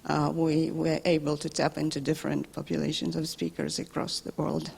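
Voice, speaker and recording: A woman's voice: low voice, level tone, moderate pace, vocal fry, darkish tone, breathy edge. A woman researcher giving an academic conference talk, hesitant and full of filler sounds and restarts. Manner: self-deprecating asides. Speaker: linguistics researcher presenting a study. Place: lecture hall. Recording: long hall reverb.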